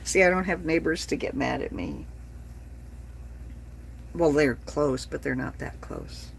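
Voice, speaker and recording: A woman's voice: sits low, very animated, unhurried, creaky, a little hiss or hum. A woman in her late fifties chatting bluntly and profanely with livestream viewers. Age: 50s. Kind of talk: casual livestream chat.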